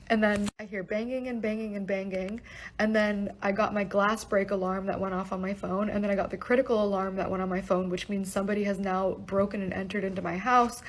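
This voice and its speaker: Young woman, husky voice, casual storytime vlog, emotional, shaken, fast swearing chatter. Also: mid-range voice, poor audio. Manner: fast, breathless, heavy use of "like" and swearing. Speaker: storyteller recounting a personal event.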